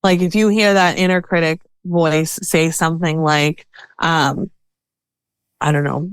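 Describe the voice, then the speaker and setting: A woman talking as a podcast guest about self-care, animated, sometimes acting out voices in her head as quotes. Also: sits low, normal speed, clear, resonant tone, no echo. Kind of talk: conversational interview.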